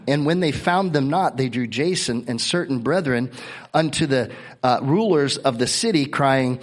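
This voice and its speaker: A man's voice: mid-range voice, animated, measured pace, a bit bright. A middle-aged man pastor preaching a sermon, earnest, often repeating words and coughing between phrases.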